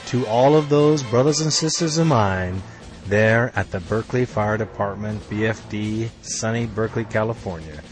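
A man's voice: fairly low pitch, normal speed, faint music behind. A man hosting a sports fan podcast, talking in a blunt, fired-up, profane way and sometimes stumbling over his words. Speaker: podcast host.

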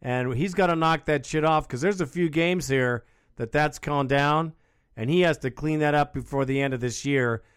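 A man's voice: on the high side, normal speed, smooth, dry recording, clean studio sound. A man hosting a fan call-in show, talking casually and calling the callers bro. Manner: casual, laid-back, calls callers bro. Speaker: radio show host.

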